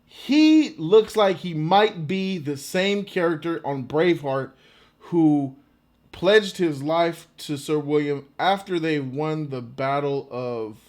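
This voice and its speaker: A man giving a casual, rambling reaction to a movie trailer, excitable and quick to laugh. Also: on the high side.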